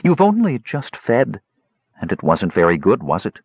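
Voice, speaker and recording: A man's voice: on the low side, wildly swooping pitch, normal speed, breathy edge, no echo, lo-fi sound, heavily acted. A man voicing a cold, contemptuous female spirit in an audiobook, with a purring, scornful delivery. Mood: cold contempt.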